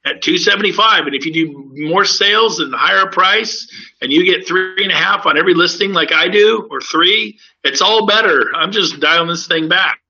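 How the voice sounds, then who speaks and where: Gravelly, sharp-voiced man making a sales pitch. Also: moderate pace. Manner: upbeat persuasive sales pitch. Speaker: real estate broker presenting to recruits. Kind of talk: sales presentation webinar. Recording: dull lo-fi audio.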